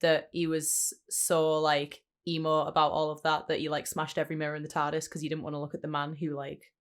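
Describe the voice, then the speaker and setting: Brief: woman, low-pitched, casual podcast co-host, rambling chatty delivery. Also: monotone, a little fast. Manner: chatty, many "like" fillers, quotes scenes in little voices. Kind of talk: casual chat.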